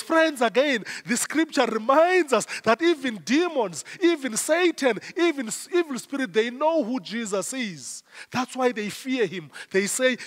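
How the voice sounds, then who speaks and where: A man's voice: very high-pitched, expressive, measured pace, hardly any pauses, fairly bright tone. A South African man preaching a sermon as pastor, emphatic and repeating his phrases in rising waves. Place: church. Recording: long church hall reverb.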